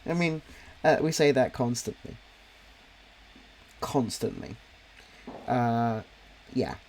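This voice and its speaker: A man's voice: mid-range voice, lively intonation, slow, gravelly. A young man casually chatting while he draws on a livestream, reading out viewers' comments with plenty of ums. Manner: rambling, friendly, full of ums and restarts. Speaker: livestream host and artist.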